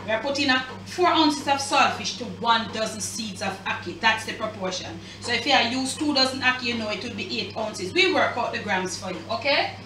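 Jamaican lady showing a recipe, talks straight at you, bright forceful voice, echoey room, a bit far from the mic, faint hum. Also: on the high side, brisk, hardly any pauses. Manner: chatty, emphatic, addresses viewers directly. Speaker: cooking show host. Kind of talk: casual cooking demonstration. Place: home kitchen. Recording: roomy sound from a distance.

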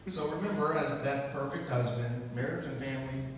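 A man's voice: mid-range voice, brisk, a little hiss or hum. Humorous man preaching in an echoing hall. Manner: humorous, self-mocking storytelling. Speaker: guest speaker. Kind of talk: sermon storytelling. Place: church sanctuary. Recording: echoey hall, distant mic.

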